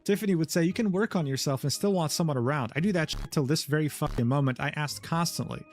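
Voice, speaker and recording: A man rattles through a drama recap at a quick clip, reading quoted messages aloud and adding sardonic asides. His voice sits a little high, and faint music plays underneath. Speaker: commentary narrator.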